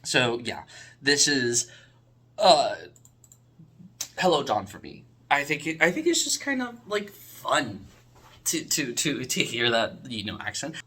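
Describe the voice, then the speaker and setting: A man chats through his rankings of a podcast's episodes in a loose, casual way. His voice is bright and forward, and he rambles with plenty of fillers, restarts and eager asides. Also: medium pitch, sing-song, takes it slowly, pauses often, husky. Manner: enthusiastic, rambling, lots of fillers. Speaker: podcast reviewer. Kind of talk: casual review chat.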